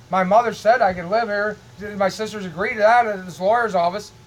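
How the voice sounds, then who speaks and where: A man's voice: high voice, fairly even intonation, measured pace, rough recording. A middle-aged man from Illinois, rambling to camera at home in an aggrieved tone, often repeating words as he restarts. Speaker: vlogger. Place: at his home.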